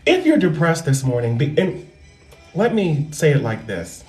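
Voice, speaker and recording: A woman comedian talking loudly and animatedly in a casual, profane monologue into a microphone. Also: low voice, huge pitch swings, unhurried. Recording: roomy echo with faint music.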